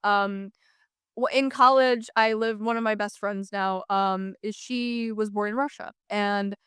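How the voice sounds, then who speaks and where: A young woman hosting a podcast, chatty and animated as she tells stories, with many fillers and restarts. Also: medium pitch, measured pace, smooth, no echo, studio quality. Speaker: podcast host. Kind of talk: casual podcast conversation.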